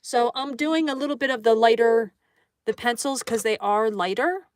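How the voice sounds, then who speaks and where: A woman's voice: fairly high pitch, normal speed, smooth. A woman hosting a casual livestream, chatting and greeting viewers by name while she draws. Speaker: livestream host. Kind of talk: casual chat reading viewer comments aloud.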